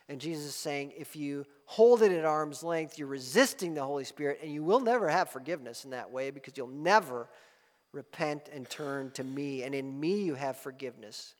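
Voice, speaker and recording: A man preaching a sermon as pastor, his voice swelling loud and fast and then dropping to a soft hush. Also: a little high. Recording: long hall reverb.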